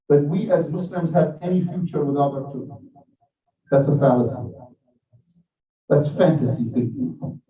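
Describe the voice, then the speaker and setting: A man with a fairly high, mellow voice delivers a sermon, telling a tale slowly and earnestly before urging his listeners on. He sounds set back from the microphone. His words ring out through an echoey hall. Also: recorded from a distance. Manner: measured storytelling, earnest and exhorting. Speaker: preacher giving the Friday sermon.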